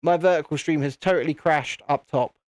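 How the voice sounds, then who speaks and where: A man's voice: a little high, fairly quick, no room sound. British male streamer, chatty and self-mocking, dry sound. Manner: chatty, self-deprecating, talks to viewers. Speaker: live-stream host. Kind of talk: casual live-stream chat.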